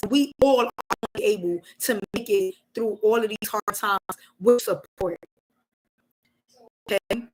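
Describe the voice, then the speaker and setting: A woman's voice: medium pitch, takes it slowly, rough recording. A woman hosting a casual live stream, talking emotionally and candidly and swearing freely.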